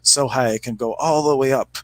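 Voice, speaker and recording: A man's voice: medium pitch, moderate pace, dry recording, close to an everyday voice. Guy doing a big proud condor bragging, normal voice. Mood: boastful. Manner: boastful.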